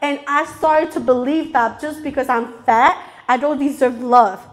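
A woman's voice: high voice, steady tone, unhurried, soft background music. A woman preaching a sermon in English, her third language, earnest and open, often checking in with the audience. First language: not English (English is her third language). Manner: earnest, confessional, asks the audience "okay?" often.

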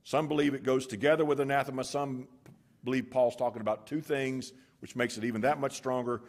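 A male pastor preaching an expository sermon in a church. He explains Greek words and swings between loud emphatic lines and hushed ones. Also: mid-range voice, steady tone, a little fast.

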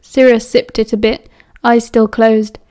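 A woman reading a story aloud as an audiobook narrator in a quiet, even way. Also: on the high side, unhurried. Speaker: audiobook reader.

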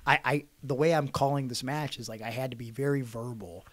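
A man, a professional wrestler on a podcast, telling a lively story in casual chat and acting out quotes. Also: medium pitch, a little fast. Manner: animated storyteller, acts out quotes. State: hoarse voice. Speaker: podcast guest, pro wrestler.

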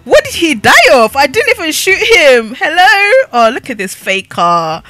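A woman's voice: high voice, big pitch swings, normal speed, sharp tone, no echo, faint music behind. A young woman giving sassy, laughing commentary while playing a life-sim game. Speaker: gaming YouTuber. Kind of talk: let's-play commentary.

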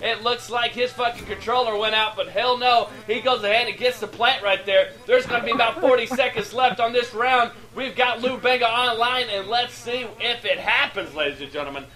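A man giving excitable, profane, joking play-by-play commentary over an online shooter match. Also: extremely high pitch, moderate pace, few pauses. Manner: excitable, hyped, laughing, swearing freely. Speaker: gameplay shoutcaster.

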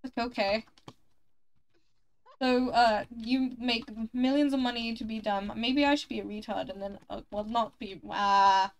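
A woman streams a game and chats over it in a fairly high voice. She is blunt and teasing, and she swears freely as she rambles. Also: steady tone, unhurried, clean tone. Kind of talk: casual chat while gaming.

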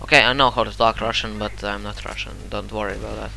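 A man with non-native English giving excitable, cursing gameplay commentary, often shouting at the game and searching for words. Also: lowish voice, quick pace, vocal fry, slight background noise. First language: not English. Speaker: gamer.

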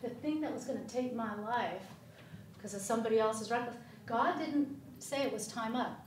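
Woman preaching her testimony at sunday school, high bright voice, echoey room, mic far off. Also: normal speed, a little hiss or hum. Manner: animated, emphatic storytelling with laughs. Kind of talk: church testimony and teaching. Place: church room.

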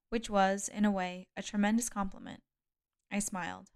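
A woman narrating a first-person thriller audiobook. Her reading is measured and steady, letting the tension build through even pacing. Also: medium pitch, clear, resonant tone. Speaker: audiobook reader.

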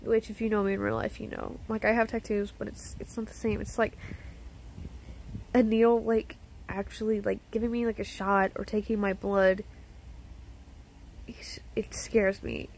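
A woman vlogger talking to camera in a personal video diary, close to tears, halting with many pauses and restarts. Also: medium pitch, little pitch movement, gravelly, darkish tone, poor audio.

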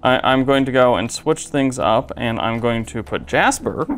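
A man's voice: medium pitch, moderate pace, a bit bright, soft background music. A male host chatting casually while he plays a card game, good-humored and self-deprecating about his moves.

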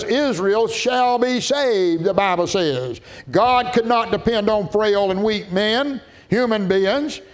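A man preaching a Baptist sermon as pastor, emphatic and drawn out, rising at times to shouts. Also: high voice.

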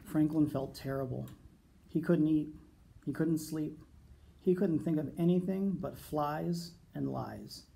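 A man who teaches reads a children's picture book aloud in a gentle, unhurried way. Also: on the high side, vocal fry, a little hiss or hum. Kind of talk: storybook read-aloud.

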